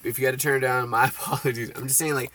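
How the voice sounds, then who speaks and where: A young man co-hosting a podcast, swearing a lot and arguing excitedly in casual chat. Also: medium pitch, racing. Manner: profane, excitable, argues loudly. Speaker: podcast co-host.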